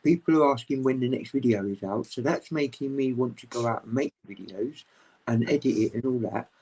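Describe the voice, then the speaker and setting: A man chatting casually as a guest on a livestream video call, rambling, open and animated. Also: mid-range voice, a little fast, husky, poor audio. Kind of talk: casual chat.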